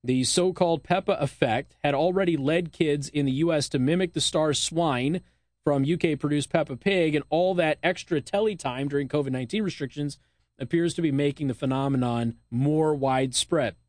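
A man from the United States hosts his radio show, talking in a loose, chatty way with little asides. His voice sits a bit higher than most men's, and the studio sound is close and dry with no room echo. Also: moderate pace, darkish tone. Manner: chatty and conversational, with asides and small laughs. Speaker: radio talk show host. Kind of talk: casual talk radio monologue. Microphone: studio microphone.

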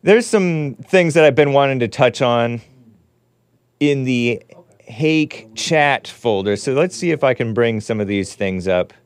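A man's voice: medium pitch, animated, measured pace, clean tone, dry recording. A man hosting a call-in show, talking in a casual, rambling way with mocking, opinionated commentary. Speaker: podcast host.

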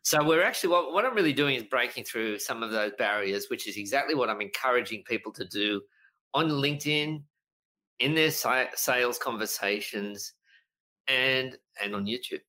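A middle-aged business coach in a casual podcast interview, telling stories in an animated way and acting out quotes. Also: male voice, mid-range voice, normal speed, poor audio. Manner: animated storyteller, lively voices for quotes, frequent laughs.

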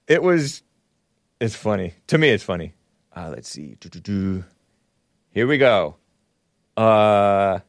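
A male talk show host reads and mocks posts in a sarcastic, chuckling way. His pitch jumps around a lot, and the sound is dry and close. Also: very animated, moderate pace, long pauses, no room sound. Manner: sarcastic, mocking, laughs often. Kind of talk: casual commentary.

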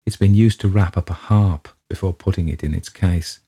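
A frank, devoted woman friend who speaks bluntly and pointedly, as a man reading the story gives her voice. The tone is low, dark and a little husky, and there is little lift to mark her apart. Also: normal speed, exaggerated voice. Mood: earnest.

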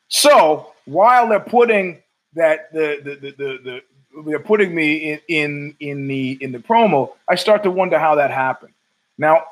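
Male podcast host, slightly high voice, sardonic and profane, solo rant from home. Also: poor audio. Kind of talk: ranting solo commentary.

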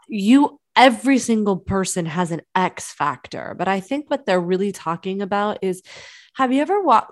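Chatty encouraging woman podcast host. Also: medium pitch. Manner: chatty and encouraging, addresses listeners as friends. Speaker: podcast host, business coach. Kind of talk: solo podcast talk.

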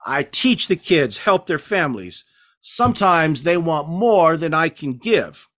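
A man voicing a hulking, crude middle-aged male bully who talks in a gruff, dismissive and profane way, read aloud from a novel. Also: a little high, big pitch swings, a little slow, a bit bright. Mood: defensive.

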